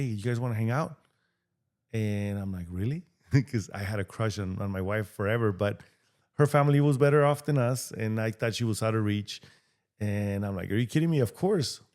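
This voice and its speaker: A man from Mexico, a real estate agent guesting on a podcast, telling his life story in a lively way and acting out the voices of people he quotes. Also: lowish voice. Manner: animated, acts out quoted dialogue. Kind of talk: storytelling interview talk.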